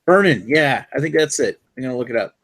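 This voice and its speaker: Man, mid-pitched, very lively intonation, eager casual chat. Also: fast talker. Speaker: podcast co-host.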